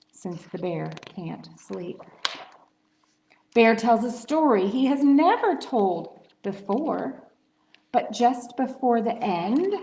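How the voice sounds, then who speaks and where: A woman librarian reading a picture book aloud to children, slow and expressive. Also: medium pitch, creaky. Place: library story time room. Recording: roomy library room.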